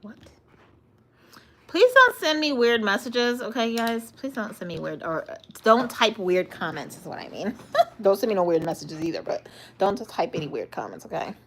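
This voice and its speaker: A woman's voice: medium pitch, very animated, moderate pace, fairly bright tone, slight background noise. A young woman hosting a casual live stream, answering viewer comments with frequent giggles and stumbles over her words. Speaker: livestream host.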